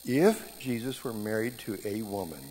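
A middle-aged man preaching a sermon, telling stories in a lively way and jumping up in pitch when he acts out scenes. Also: normal speed. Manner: animated storytelling, voice jumping up in reenactments. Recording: hall reverb with faint background hum.

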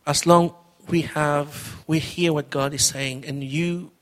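Earnest middle-aged male pastor, higher voice. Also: steady tone, slow. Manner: earnest, conversational, repeats words. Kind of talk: testimony sermon.

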